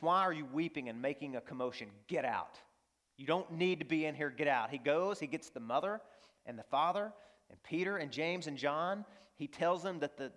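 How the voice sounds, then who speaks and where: A man pastor preaching with emphasis, his voice sitting a little high for a man. He repeats his key lines for effect and tells his stories with animation. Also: a bit bright. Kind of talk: sermon.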